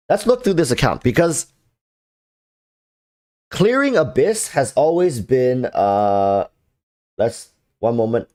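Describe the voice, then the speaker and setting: A man's voice: mid-range voice, dark tone. Male livestreamer, congested and nasal, loose chatty delivery. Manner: chatty, often restarts his sentences. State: congested sinuses. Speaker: game streamer. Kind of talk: casual livestream commentary.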